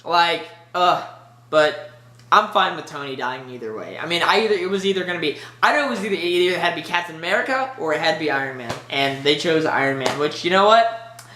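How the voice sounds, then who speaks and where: Rambly excited movie reviewer gushing in a casual vlog, bright voice, roomy echo. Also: medium pitch, fairly quick.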